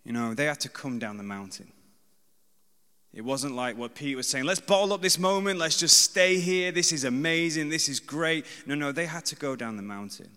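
A man in his thirties delivers a sermon in a bright, forceful voice. He talks conversationally, pokes fun at himself and repeats short lines for emphasis, while his words ring out with a long reverb in a church hall. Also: medium pitch. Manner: conversational, self-deprecating, emphatic repetition. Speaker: preacher.

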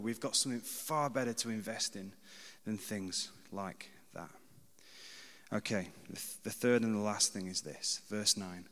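A man's voice: lowish voice, a bit bright, in a large hall. A man in his thirties preaching a sermon in a conversational, self-deprecating way, repeating key phrases for emphasis.

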